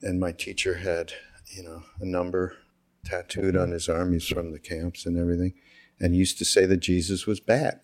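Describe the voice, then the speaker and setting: An older man from Canada with a deep, low voice tells stories in a relaxed conversation. He acts out the quotes in his anecdotes and often breaks into laughter. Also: moderate pace. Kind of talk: casual storytelling conversation.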